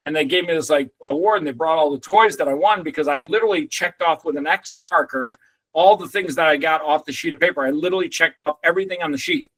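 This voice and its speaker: A middle-aged man telling an animated story as a podcast guest, swearing freely and acting out other people's lines. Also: a little high, fast, no echo, rough recording.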